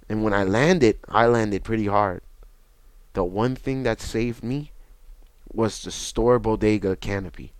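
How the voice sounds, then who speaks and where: A young man, telling his own story in a halting, repetitive, reflective way. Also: fairly low pitch, no room sound. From Bronx, New York. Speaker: interview guest. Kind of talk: personal testimony.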